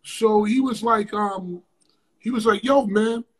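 A man with a strikingly high, raspy voice recounts a story as an interview guest. He swears freely and tells it in an animated, casual way, often jumping into loud outbursts. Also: takes it slowly. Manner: profane, animated storyteller with sudden loud bursts.

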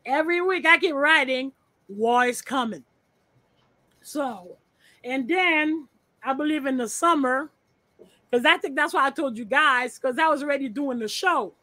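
A woman's voice: sits high, unhurried, sharp tone, no echo. A woman guesting on a podcast over a remote call, talking bluntly with profanity and repeating her points. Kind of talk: casual podcast chat.

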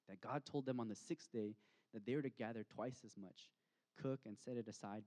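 Mellow-voiced pastor preaching slowly. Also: male voice, on the low side. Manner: reflective, reads scripture aloud with slow emphatic pauses. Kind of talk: sermon.

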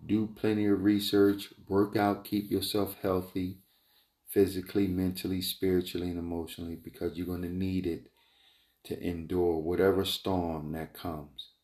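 Speaking at normal speed with a flat delivery and darkish tone, a male entrepreneur vlogger rambles through his opinions, repeating himself emphatically, wandering off topic, and climbing in pitch as he gets worked up. There's a roomy echo on the audio.

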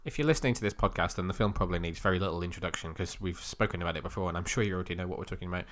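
A man's voice: deep voice, rapid-fire. A man co-hosting a casual comic book podcast, chatty and teasing, often laughing. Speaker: podcast co-host.

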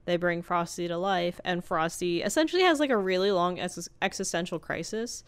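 Woman podcast co-host, casual chat, smooth voice, dry close sound, laughs a lot. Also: on the low side, fairly quick, no echo. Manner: chatty, laughs often, acts out quotes. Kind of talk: casual chat recapping a movie.

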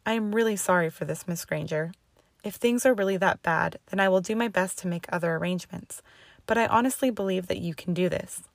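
A woman reading the lines of an older headmistress witch, calm, measured and sympathetic, in a storybook reading. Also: on the low side, vocal fry, dry recording, studio quality. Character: stern, steady older female headmistress witch.

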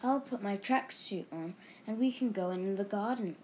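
A woman voicing an elderly male hyena who is weary but gentle, in a storybook reading. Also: medium pitch, a little hiss or hum, lightly acted. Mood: cheerful. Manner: drowsy, slow-spoken.

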